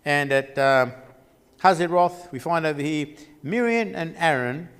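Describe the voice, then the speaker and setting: A man's voice: a little high, a little slow, a bit bright, clear, resonant tone, in a large hall. A man teaching a Bible geography class at a church, rambling with frequent restarts as he points at a map. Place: church hall.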